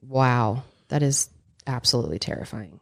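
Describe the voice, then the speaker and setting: A woman with a low voice co-hosts a casual true crime podcast. She chimes in with sympathetic reactions and adds details in a relaxed, conversational way. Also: normal speed, gravelly. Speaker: podcast co-host.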